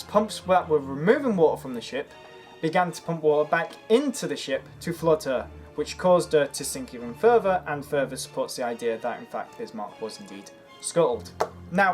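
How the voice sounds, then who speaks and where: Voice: mid-range voice, sing-song, normal speed, faint music behind. Earnest history narrator arguing a case. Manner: earnest, argumentative, making a case. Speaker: history video creator.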